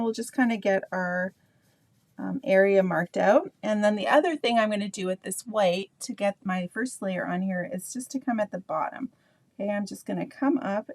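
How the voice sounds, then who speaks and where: A woman's voice: medium pitch, a little mellow, no echo. A middle-aged woman with a Canadian accent, leading a live painting tutorial in a chatty, rambling way full of asides to her viewers. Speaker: painting instructor.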